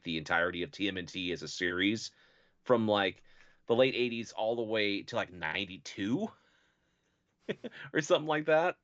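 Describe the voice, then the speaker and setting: Deep-voiced rambling male podcast co-host. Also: a bit bright. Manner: rambling, hedging with "like" and "sort of", laughs often. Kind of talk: casual podcast chat. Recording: dull, lo-fi sound.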